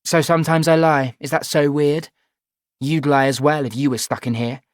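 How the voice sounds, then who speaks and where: A man reading an audiobook, voicing a guarded, sharp-tongued teenage girl with quick, sarcastic retorts. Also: fairly high pitch, fairly even intonation, no room sound, clean studio sound, voice pushed up, natural voice. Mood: defiant.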